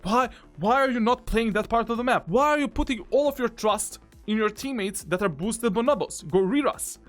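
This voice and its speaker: A man with a notably high voice talks through his own gameplay like a coach. He is boastful and excitable and slips "bro" in often. Soft music plays faintly behind him. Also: normal speed. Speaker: game coach reviewing his own match. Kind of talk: gameplay commentary.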